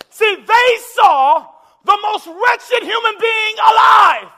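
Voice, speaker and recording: A man preaching a sermon in a church, building to impassioned shouted climaxes. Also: very high-pitched, lively intonation, slow, a little hiss or hum. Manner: impassioned, shouting climaxes with call-and-response urgency. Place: large church hall with congregation. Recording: echoey church hall with crowd.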